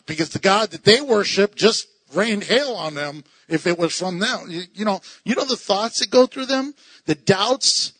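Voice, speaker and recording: A man teaching a Bible passage in a lively, excitable way, laughing often and acting out the voices he quotes. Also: sits high, normal speed, slightly rough, no room sound. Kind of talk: animated Bible study teaching.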